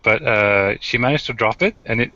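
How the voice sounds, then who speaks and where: A man on an online group discussion, telling a story in a calm, measured way. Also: mid-range voice. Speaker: round table panelist. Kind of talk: casual chat. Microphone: video call. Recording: dry, slightly muffled call audio.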